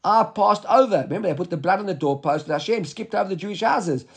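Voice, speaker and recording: High, gravelly and breathy, this man's voice is expressive and fast. He's giving a Talmud lesson, reading Hebrew and Aramaic phrases and explaining them in English. Throughout he poses rhetorical questions and checks in again and again with "right?"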